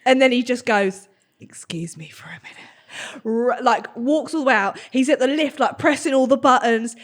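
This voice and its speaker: A woman's voice: high-pitched, moderate pace. A woman hosting a podcast in casual chat, teasing her guest and laughing often. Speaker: podcast host.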